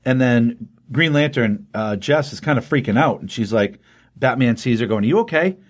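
A man's voice: medium pitch, normal speed. A man casually retelling a comic book story, rambling with many ums and restarts and briefly acting out the characters' lines. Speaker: podcast host recapping a comic. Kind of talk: casual spoken recap.

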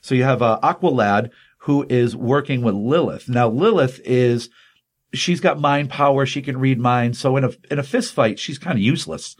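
A man's voice: medium pitch, moderate pace. A man casually retelling a comic book issue on a podcast, rambling with many ums and restarts, acting out the dialogue.

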